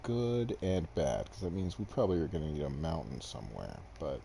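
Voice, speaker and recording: A man's voice: a bass voice, animated, a little fast, gravelly, dark tone, slight background noise. A young man streaming gameplay to a desk mic, chatting casually with viewers in a rambling, self-deprecating way. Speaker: game streamer. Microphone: desk microphone.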